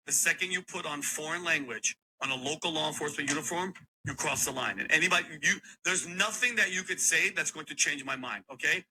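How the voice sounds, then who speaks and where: A man's voice: a little high, sharp tone, low-quality recording. A man on a podcast giving a blunt, emphatic opinion, stumbling as he gets worked up. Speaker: podcast guest. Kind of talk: podcast debate.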